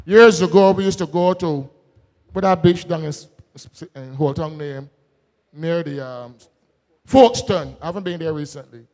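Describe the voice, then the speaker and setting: A man with a Barbadian accent giving a political rally speech, folksy and joking, then building to shouted emphasis. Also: on the high side, normal speed. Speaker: political speaker. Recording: long hall reverb.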